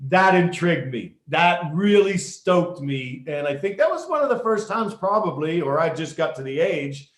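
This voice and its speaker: A middle-aged man, a former referee, telling stories in an interview in an animated way, with many restarts. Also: a little high, normal speed, few pauses. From United States. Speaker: guest, former football referee and basketball official. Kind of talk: storytelling interview. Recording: echoey room.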